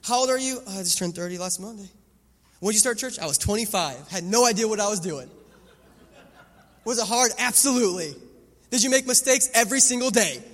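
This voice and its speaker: A man's voice: sits high, expressive, fairly quick, a bit bright. A man in his thirties preaching a sermon, telling stories animatedly and acting out the voices of the people in them. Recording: long hall reverb with faint music.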